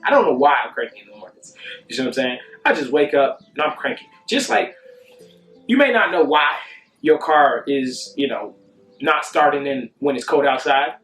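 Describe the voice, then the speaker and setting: A young adult man giving a casual motivational talk, animated and sing-song, often asking "you see what I'm saying?". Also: on the high side, moderate pace, roomy sound, faint music behind. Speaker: self-help vlogger.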